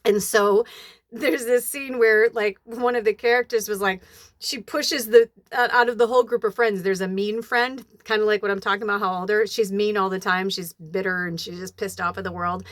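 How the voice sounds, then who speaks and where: A chatty woman giving a spiritual reading, talking loosely with lots of fillers and now and then jumping into a high voice to act out lines. Her voice sits at an ordinary middle pitch. The sound is close and dry. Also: steady tone, normal speed, fairly bright tone, no room sound. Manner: rambling, filler-heavy, acts out movie quotes in a high voice. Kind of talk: casual spoken reading.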